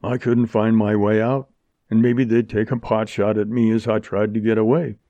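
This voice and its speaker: A man's voice: fairly low pitch, flat delivery, normal speed, no echo, close to an everyday voice. A man reading an audiobook, voicing a frightened, cowardly young man among outlaws. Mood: panicky. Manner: anxious, pleading. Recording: dull lo-fi recording.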